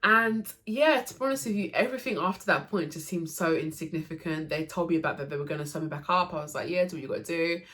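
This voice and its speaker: Low-voiced young woman vlogger. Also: fast talker, few pauses, fairly bright tone. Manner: emotional, lots of fillers and restarts. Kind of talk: casual storytelling to camera.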